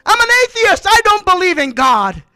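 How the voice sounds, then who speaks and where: A man's voice: extremely high pitch, big pitch swings, moderate pace, pushed and bright, no echo, clean studio sound, soft background music, pitched above the performer's own voice, exaggerated voice. A male preacher acting out an aggravated atheist neighbor in a sermon story, raised and insistent. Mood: indignant.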